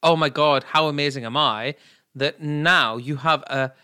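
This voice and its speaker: A man's voice: on the high side, unhurried, bright, forceful tone, clean tone, dry recording, studio quality. A man co-hosting a podcast, teasing and theatrical in casual banter with his husband. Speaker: podcast co-host.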